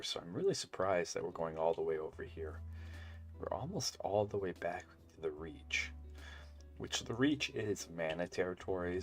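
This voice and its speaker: A man's voice: deep voice, husky. A young man chatting casually to his viewers while playing a game, joking as he goes. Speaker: streamer. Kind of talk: casual gameplay commentary.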